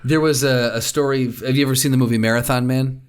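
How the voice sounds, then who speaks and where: A man's voice: medium pitch, fairly even intonation, fast, clear, resonant tone. A man co-hosting a podcast in casual chat, telling a film anecdote. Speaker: podcast co-host.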